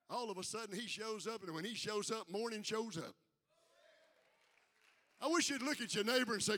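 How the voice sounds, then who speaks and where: An older man preaching a fiery sermon, building from quiet talk to shouted peaks and calling out for responses. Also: high voice, moderate pace, pauses often. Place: church sanctuary with congregation. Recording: live hall with long reverb.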